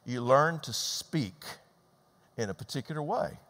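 Lively older preacher in a hall. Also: male voice, mid-range voice, a little slow. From Georgia, US. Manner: animated, conversational preaching with repetitions. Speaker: pastor. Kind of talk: sermon. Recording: long hall reverb.

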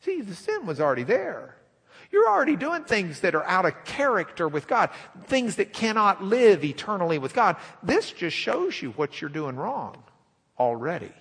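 A man preaching a sermon in a folksy, animated, joking way in a church sanctuary. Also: high voice, normal speed, gravelly, husky, in a large hall.

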